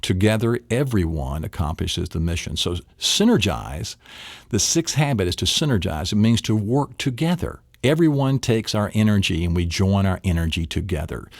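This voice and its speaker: A middle-aged memory trainer with a low, gravelly voice teaches a memory technique at a normal speed, very animated throughout. He's playful, acting out little scenes in silly voices. The recording is dry and of studio quality.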